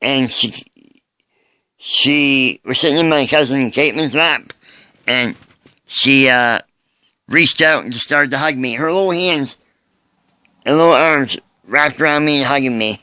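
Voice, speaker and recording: An earnest man speaks in a personal video message, halting and often starting his thoughts over. His voice is smooth and clear at a middle pitch, and it sounds close and dry. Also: bright, forceful tone, no room sound. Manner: earnest, halting, with frequent restarts.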